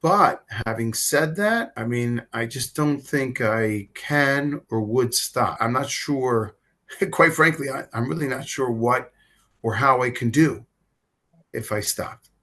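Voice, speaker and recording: A middle-aged rabbi talking as a guest in an emotional interview, halting and repeating words as he speaks. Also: medium pitch, pushed and bright. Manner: halting, repeats words, stammers when moved.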